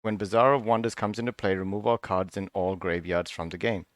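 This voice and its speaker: A man's voice: low-pitched, steady tone, brisk, dry recording, clean studio sound. A man hosting a casual card review, thinking aloud in a musing, half-sarcastic way, often breaking off and restarting. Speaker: card review channel host.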